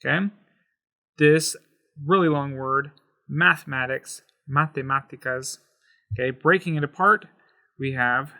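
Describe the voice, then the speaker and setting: A man teaching a Spanish lesson, patiently explaining and slowing down to sound out words syllable by syllable. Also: medium pitch, sharp tone. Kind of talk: explaining at a whiteboard.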